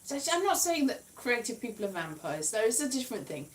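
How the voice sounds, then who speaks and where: A woman from Wales rambles through a casual livestream chat, giggling and teasing herself. Her fairly high voice swoops up and down with lots of animation. She sits back from the mic in an echoey room. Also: sing-song, fast talker, distant mic, a little hiss or hum. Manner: rambling, self-mocking, giggly. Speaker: comedian.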